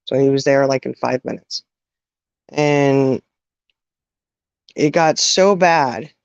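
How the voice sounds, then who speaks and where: A middle-aged woman telling an emotional personal story, halting, with many restarts and fillers. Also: a bass voice, clean tone, dry recording. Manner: halting, full of "you know" and restarts. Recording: dull, dry sound.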